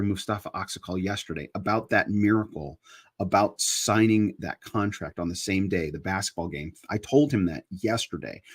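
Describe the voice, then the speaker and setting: Husky guy in his 50s chatting live, earnest, gets preachy and emphatic. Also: on the low side. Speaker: online show host. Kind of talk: casual live chat with religious reflection.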